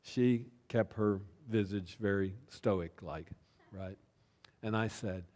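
A pastor telling a personal story in a sermon, chatty and self-deprecating, often tossing in "right?" and "you know.". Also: male voice, fairly low pitch, slow, a little mellow. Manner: conversational, with frequent "right?" and "you know" asides.

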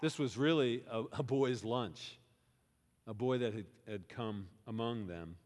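The voice is a man's, medium in pitch and a little slow. As a pastor addressing his congregation in a church sanctuary, he recounts scripture in lively first-person plural storytelling, as if the people were there, and poses questions to them; the hall is reverberant.

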